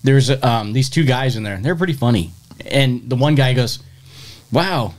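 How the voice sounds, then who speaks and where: A man co-hosting a podcast, telling a story in an animated way and acting out the voices of the people in it. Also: medium pitch, moderate pace. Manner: animated, acts out voices in stories. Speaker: podcast co-host. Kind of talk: casual storytelling.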